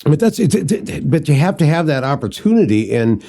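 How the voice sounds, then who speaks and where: A man's voice: fairly high pitch, big pitch swings, a little fast, dark tone. A man co-hosting a podcast in casual conversation, telling stories in a rambling way full of fillers. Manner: rambling storyteller, many fillers. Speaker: podcast co-host.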